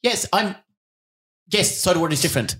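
A woman's voice: lowish voice, expressive, a little fast, fairly bright tone, breathy edge. A woman co-hosting a podcast, chatting casually, joking and rambling through stories with lots of laughing. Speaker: podcast co-host. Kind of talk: casual chat.

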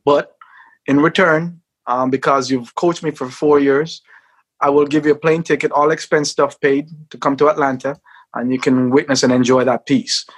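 A man, a former sprinter, telling his life story in an interview, acting out quotes and shouting at the peaks. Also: a little high, steady tone, normal speed, husky.

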